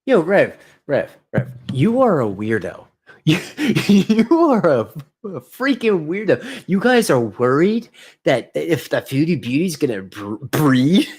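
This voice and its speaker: A man hosting a casual reaction video, animated and incredulous, laughing often as he mocks what he watches. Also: fairly high pitch, a little slow, breathy edge. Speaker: reaction commentary host.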